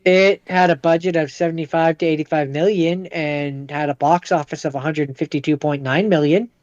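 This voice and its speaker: Man, casual podcast chat, hesitant, slightly higher voice, smooth tone. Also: steady tone, fairly quick, a little mellow, lo-fi sound. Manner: hesitant, many fillers and restarts. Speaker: podcast co-host.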